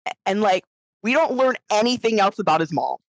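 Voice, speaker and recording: Chatty, animated woman podcaster, dry close mic. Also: mid-range voice, a little fast, no echo, low-quality recording. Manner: animated, chatty, laughing often, acts out lines. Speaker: podcast co-host. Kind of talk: casual film review chat.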